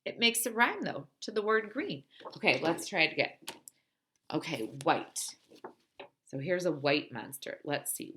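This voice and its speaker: A woman who teaches pre-kindergarten, gently and playfully leading a storytime and rhyming lesson for young children. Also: sits low, sing-song, a little slow.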